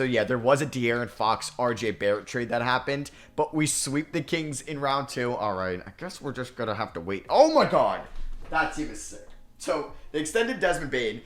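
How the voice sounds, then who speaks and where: Playing through a basketball sim, this gaming video creator comments with a medium-pitched voice. His reactions swing between thrill and frustration.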